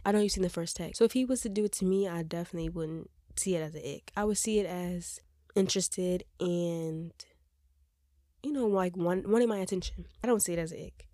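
A woman's voice: lowish voice, brisk, no echo, clean studio sound. Chatty congested young woman podcaster. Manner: chatty, opinionated, animated. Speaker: podcast host. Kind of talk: casual chat.

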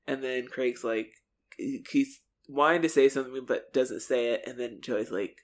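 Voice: medium pitch, normal speed. A podcast co-host in casual chat who laughs often and acts out lines from an episode.

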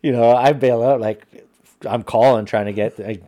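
A man telling hunting stories in casual podcast chat, profane and animated. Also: medium pitch, normal speed.

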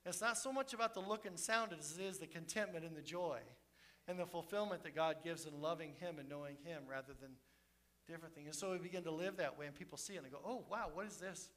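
A man preaching a sermon as pastor, swinging between fervent shouts and soft, intimate asides. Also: fairly high pitch, quick pace.

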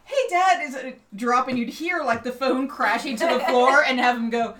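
A woman's voice: high-pitched, fairly even intonation, normal speed, reverberant. A woman in a casual podcast chat, telling a story and laughing. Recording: loud noise behind the voice.

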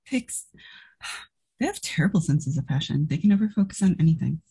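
A woman's voice: deep voice, animated, brisk, dark tone, slightly rough, heavily acted. A woman playing a flamboyant artist obsessed with fashion, talking in a gushing, effusive way. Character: flamboyant fashion-loving artist with an eye for style.

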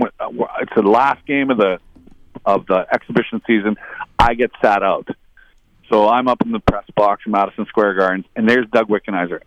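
A middle-aged man, a former hockey player, telling long casual anecdotes, rambling and quoting others. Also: dull audio. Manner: rambling anecdotal, quotes others in higher voices. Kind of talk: casual storytelling.

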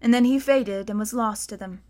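A woman narrating an audiobook in a clear, unhurried way. Her voice sits a touch higher than most, and she keeps the telling steady and even.

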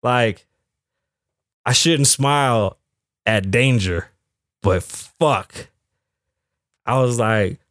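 In a mid-range voice at a measured pace with long pauses, a middle-aged man on his podcast spins an animated, boastful story full of swearing, imitating the characters as he goes. The sound is clean studio audio without echo.

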